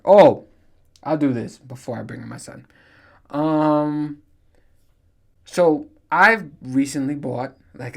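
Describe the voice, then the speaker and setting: A man hosting his own podcast, ranting casually, swearing often and laughing at his own jokes. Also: mid-range voice. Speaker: podcast host. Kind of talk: casual solo podcast rant.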